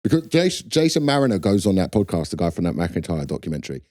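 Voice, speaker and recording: Animated man telling stories. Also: low-pitched, fast talker, dry recording, studio quality. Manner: animated storyteller, slips into mocking impressions. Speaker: podcast co-host. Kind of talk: casual comedy chat.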